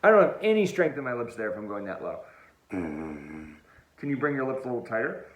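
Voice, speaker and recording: A man's voice: medium pitch, big pitch swings, moderate pace. A man teaching an online music lesson for kids, upbeat and playful, speaking straight to the viewer. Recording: roomy echo.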